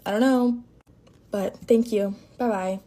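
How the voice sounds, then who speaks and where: A young woman telling a casual storytime about a rough shift at a drive-thru, rambling and filling her talk with "like". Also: mid-range voice, fairly even intonation, a little slow, dark tone. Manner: chatty, rambling, lots of "like", shaken.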